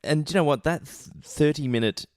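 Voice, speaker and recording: A man's voice: fairly high pitch, a little fast, no echo. A man co-hosting a casual film podcast, rambling and restarting his sentences, swearing now and then. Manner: rambling, self-interrupting, swearing. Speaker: podcast co-host. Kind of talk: casual chat about a film.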